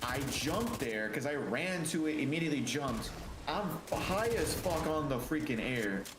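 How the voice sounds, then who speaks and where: A young man playing a game with a friend, excitedly retelling his luck with plenty of swearing. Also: a little high, a little slow, background noise. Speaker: co-player. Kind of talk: casual gaming chat. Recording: roomy, with game gunfire behind.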